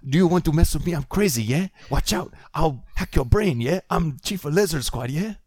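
A man's voice: a little high, animated, moderate pace, darkish tone, no room sound, studio quality, pitched above the performer's own voice. A man voicing a wild, boastful gangster in a mock South African accent, ending each line with a sing-song "yeah". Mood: menacing.

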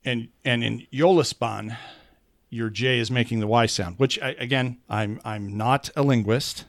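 A man in an easygoing podcast conversation, talking at a middle pitch and circling his points with many fillers and restarts. The sound is close and dry, with no room around it. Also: fairly even intonation, normal speed, no echo. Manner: rambling, self-correcting, many fillers. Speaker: podcast co-host. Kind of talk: casual chat.

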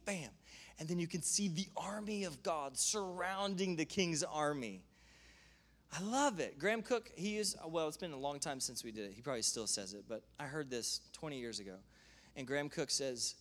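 Animated, high-voiced male preacher. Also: normal speed. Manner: animated storytelling, laughs often. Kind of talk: sermon.

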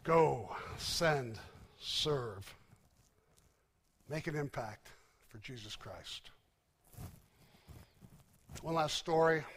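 Emphatic male preacher in reverberant hall. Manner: emphatic storytelling, drops to hushed low endings. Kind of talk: sermon.

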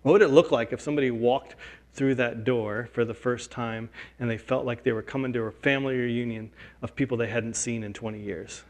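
A man preaching a sermon, earnest, dropping low and soft and then rising loud in acted lines. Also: steady tone, a little fast. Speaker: pastor.

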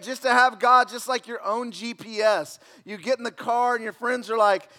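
A male pastor preaching a sermon, telling stories in a lively way with jokes, repeated words and sudden drops to a near hush. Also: extremely high pitch, moderate pace, hardly any pauses.

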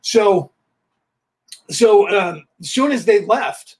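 A man's voice: high voice, slow pace, husky. A man hosting a podcast, telling casual anecdotes and re-enacting the dialogue as he goes. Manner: animated, re-enacts dialogue while telling stories. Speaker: podcast host.

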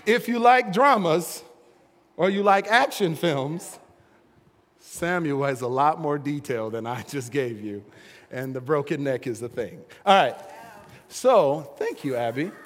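A young man presenting a playful storytelling sermon for families, animated and laughing often as he plays with action figures. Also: a little high, unhurried, big-room sound. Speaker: children's ministry presenter.

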